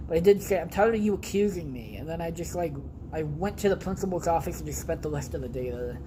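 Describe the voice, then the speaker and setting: A man's voice: on the high side, fast talker, dark tone, slight background noise, rough recording. A young man hosting a podcast from his home basement, telling rambling stories casually with blunt, heavy swearing. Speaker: podcast host. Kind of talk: casual storytelling monologue.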